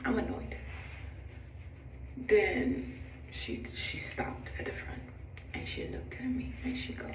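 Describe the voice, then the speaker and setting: A young woman, a flight attendant, telling a dramatic story from her job in a sassy, animated way while doing her makeup, acting out what people said. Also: medium pitch, slow, pauses often. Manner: animated, dramatic retelling with acted-out quotes; blunt, sassy asides. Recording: roomy, distant, noisy background.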